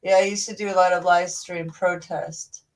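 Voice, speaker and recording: A woman's voice: fairly low pitch, steady tone, normal speed, far from the mic, crowd noise. A woman hosting a livestream in casual chat, rambling and cutting herself off mid-sentence. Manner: rambling, self-interrupting. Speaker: livestream host. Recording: voice a bit off-mic.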